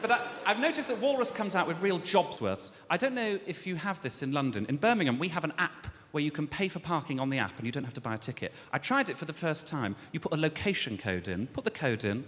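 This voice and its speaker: Animated male stand-up telling a story. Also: fairly high pitch, fast talker, few pauses. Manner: animated, mocking, acts out the characters. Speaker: stand-up comedian. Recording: echoey hall, noisy live show.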